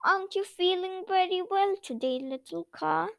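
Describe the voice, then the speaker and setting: A woman voicing an excitable little male toy taxi driver, speaking brightly and emphatically. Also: very high voice, moderate pace, gravelly, dry recording, studio quality, pitched above the performer's own voice. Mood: tender. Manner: bright, emphatic and easily cross.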